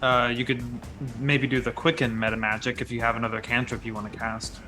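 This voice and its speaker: A man's voice: medium pitch, flat delivery, fairly quick, over music. A man at a tabletop game session, helpfully explaining the rules. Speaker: player. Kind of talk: tabletop game play, casual.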